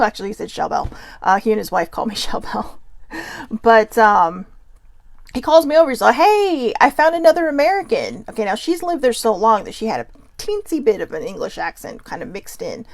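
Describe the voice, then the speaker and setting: Host from Southern California, female, rambling chatty delivery, gravelly edge, dry close sound. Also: medium pitch, dry recording. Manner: chatty, rambling, laughs often, many fillers. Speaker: podcast host. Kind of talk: casual storytelling monologue.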